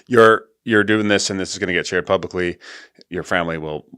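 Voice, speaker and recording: A male podcast host asks his guest questions in a halting, conversational way and supports him as he answers. His voice is very low. The sound is dry and close, with no room echo. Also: pushed and bright, clean tone. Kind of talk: interview questions.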